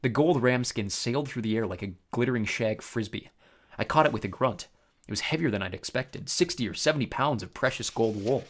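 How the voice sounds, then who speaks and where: A man reading a story aloud, narrating expressively in the first person. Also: mid-range voice.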